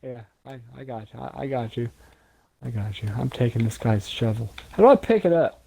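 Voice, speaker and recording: A woman's voice: rumbling low, lively intonation, brisk, creaky, warm tone, breathy edge, no room sound. A woman with a Southern US accent, co-hosting a casual podcast while playing a game, giggly and playful. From southern United States. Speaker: podcast co-host. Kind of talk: casual chat while gaming.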